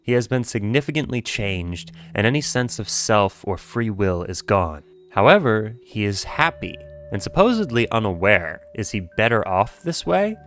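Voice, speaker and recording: A man's voice: lowish voice, sing-song, moderate pace, hardly any pauses, a bit bright. A man talking through a video analysis of a show in a wry, joking and speculative way. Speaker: commentary host.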